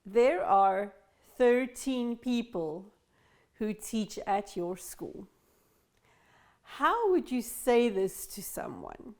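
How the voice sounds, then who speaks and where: Slow, careful woman teaching English. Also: fairly high pitch, expressive. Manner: slow, careful, stressing sounds clearly. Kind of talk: English lesson for learners.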